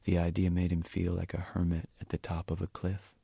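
Deep gravelly guy reading his book aloud, calm and measured, dry close sound. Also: dry recording. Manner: measured, quiet, at times near a whisper. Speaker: author reading his novel. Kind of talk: audiobook-style reading.

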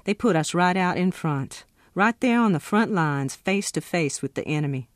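A young man back from the war speaks with quiet, steady defiance, as a woman reading aloud gives him voice. The delivery is measured and firm. The sound is close and dry, with no room around it. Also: low voice, no room sound, natural voice. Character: young Black male soldier home from war.

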